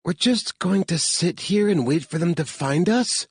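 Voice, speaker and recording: Guy doing a scared young woman in an audiobook, pitched way up, breathless and pleading. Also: lively intonation, unhurried, breathy edge, dry recording, full character voice. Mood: anxious. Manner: breathless, pleading, rising to panic. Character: frightened young woman scientist in shock, panicky.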